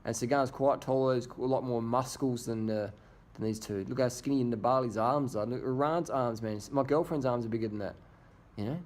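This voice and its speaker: A man's voice: mid-range voice, normal speed, darkish tone. Profane man commenting on race footage. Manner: crude, joking, profane banter. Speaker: video host.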